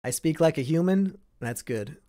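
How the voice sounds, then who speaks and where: A man's voice: on the high side, lively intonation, moderate pace, mellow. A young man from Iowa hosting a casual live stream, reading and answering chat with sardonic, profane banter.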